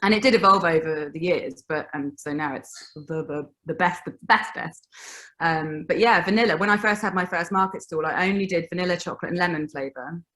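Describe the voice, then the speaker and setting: A woman's voice: fairly low pitch, a little fast, bright, forceful tone. A woman in her thirties from England, a baker chatting on a video call, laughing often and restarting her sentences. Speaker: baker, guest. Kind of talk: casual video-call chat.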